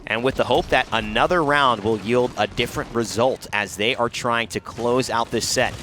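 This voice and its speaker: A man calling a live esports match as play-by-play caster, with energetic delivery. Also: lowish voice, a little hiss or hum.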